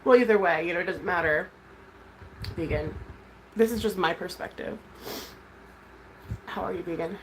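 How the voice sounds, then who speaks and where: A woman in her thirties talking candidly to her livestream viewers, rambling from thought to thought and swearing freely. Her voice sits a little low, with a faint hiss of background noise behind it. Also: normal speed, pauses often, low-quality recording. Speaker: livestream host, mom. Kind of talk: casual livestream chat.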